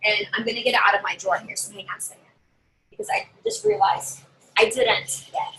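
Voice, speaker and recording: A woman's voice: on the high side, very animated, brisk, bright, forceful tone, a little hiss or hum, poor audio. A woman giving casual how-to tips to camera as a party sales consultant, chatty and bossy, talking from her desk at home. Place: home desk with a drawer and her dog nearby.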